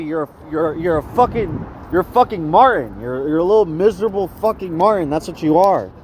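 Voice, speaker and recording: A young man with a high voice rants in a loose, rambling way, swearing often and stumbling over restarts. He is recorded outdoors, with faint traffic noise behind him. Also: animated, moderate pace. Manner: profane, repetitive, restarts often. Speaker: vlogger. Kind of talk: rambling rant.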